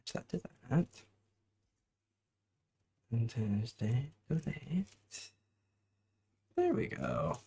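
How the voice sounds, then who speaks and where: Male streamer, gravelly and soft-spoken, chewing gum, giggly casual chat while building. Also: on the low side. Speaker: host.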